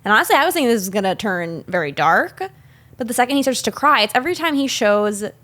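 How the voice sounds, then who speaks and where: A woman's voice: on the high side, quick pace. A woman co-hosting a podcast, casually discussing a film and recounting scenes, recorded on a microphone in a small room. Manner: animated, recounting scenes with quoted lines. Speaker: podcast co-host. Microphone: studio microphone.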